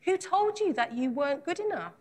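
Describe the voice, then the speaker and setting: A woman's voice: high voice, lively intonation, fairly quick. A woman preaching a sermon, retelling scripture in a conversational way and putting earnest, repeated questions to her congregation.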